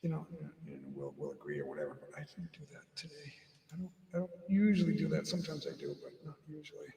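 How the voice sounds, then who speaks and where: Gravelly man rambling live from his loft. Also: on the high side, sing-song, quick pace, roomy sound, big-room sound, distant mic. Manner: thinks out loud, trailing off and restarting. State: hot and a bit out of breath. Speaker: livestream host. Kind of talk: rambling solo live chat. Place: upstairs loft room at home.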